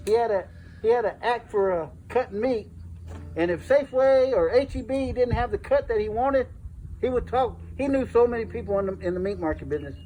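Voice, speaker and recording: A man's voice: very high-pitched, a little fast, warm tone, slight background noise, low-quality recording. A middle-aged man giving a eulogy for his father, telling stories and acting out the dialogue. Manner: anecdotal, acts out dialogue in quotes. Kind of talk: storytelling eulogy. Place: memorial service.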